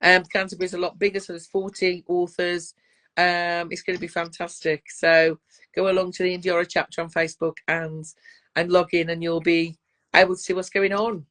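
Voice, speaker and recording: Woman host with a soft Black Country accent. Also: fairly low pitch, little pitch movement, brisk. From West Midlands, England. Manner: warm, chatty, calls the guest darling. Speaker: podcast host. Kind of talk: casual interview chat.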